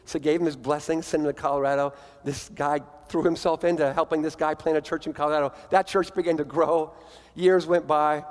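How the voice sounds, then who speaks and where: A man's voice: a little high, flat delivery, a little fast, few pauses. A man preaching a sermon as a pastor, telling a story earnestly and then urging listeners and leading a prayer, in a large church. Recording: long hall reverb.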